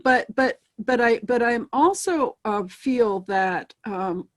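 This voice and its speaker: A woman who is a spiritualist medium, speaking as an interview guest in a thoughtful, hesitant way with many pauses and ums. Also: fairly high pitch. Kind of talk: casual interview chat.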